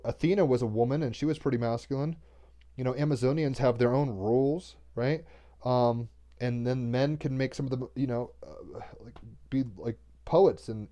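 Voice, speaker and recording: Rambling mellow-voiced man reading cards. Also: mid-range voice. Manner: rambling, excitable, swears casually; mixes loose chat with reading card text aloud. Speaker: oracle card reader. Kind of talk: casual spiritual monologue.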